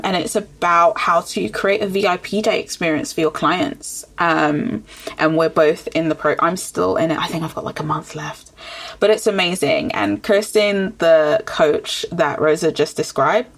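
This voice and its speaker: Husky low-voiced woman hosting a podcast. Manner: upbeat, coaching tone with quick rhetorical questions. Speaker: podcast host. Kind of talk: casual interview chat.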